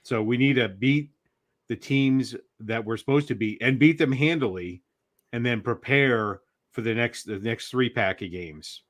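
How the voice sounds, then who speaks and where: A middle-aged man co-hosting a sports talk show, explaining his view in a measured way with many "you know"s. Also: mid-range voice. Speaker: co-host, the host's father.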